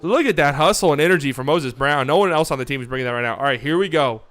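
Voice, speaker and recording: Man, watch party host, casual play-by-play, slightly high voice, smooth and clear, excitable outbursts. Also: fast talker. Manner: swings between calm calls and excited outbursts, swears casually. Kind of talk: casual live play-by-play commentary.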